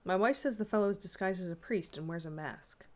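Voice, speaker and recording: Woman reader as young husband, brisk, plain, fond; storybook. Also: medium pitch, a little mellow, close to an everyday voice. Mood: firm.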